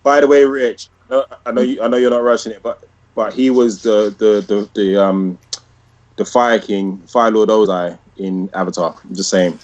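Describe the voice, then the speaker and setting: A man's voice: on the low side, fairly even intonation, moderate pace, darkish tone, lo-fi sound. A man co-hosting a casual podcast, talking hesitantly with many restarts and repeated words. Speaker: podcast co-host. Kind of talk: casual chat.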